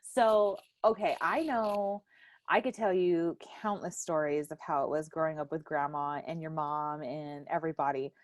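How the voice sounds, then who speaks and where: A young adult woman hosting a casual family podcast chat, an animated storyteller who laughs often and acts out quoted lines loudly. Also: deep voice, moderate pace, no room sound, clean studio sound. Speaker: podcast host.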